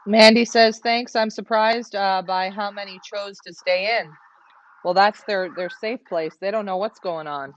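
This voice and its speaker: A woman's voice: mid-range voice, fairly even intonation, a little slow. A woman co-hosting a live stream, reading out viewer comments in a chatty way. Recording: dull lo-fi stream audio, faint noise.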